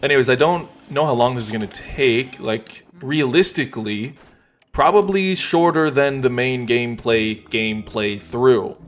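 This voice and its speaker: A man streaming a game, talking in a relaxed, wry, joking way as he plays. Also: medium pitch, measured pace. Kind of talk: casual gameplay commentary.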